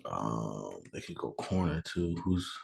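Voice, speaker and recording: A deep-voiced man hosts a casual solo show from home, thinking aloud as he goes. He rambles and second-guesses himself, then bursts into mock anger. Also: big pitch swings, takes it slowly, creaky, a little mellow. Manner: thinks aloud, chatty, sudden mock outrage. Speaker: podcast host doing a mock draft. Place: room at home, noise outside.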